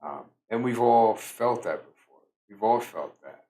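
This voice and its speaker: A tired man giving a slow, reflective solo talk as a spiritual teacher, pausing often with fillers. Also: on the low side, animated, warm tone. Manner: slow, musing, with many fillers.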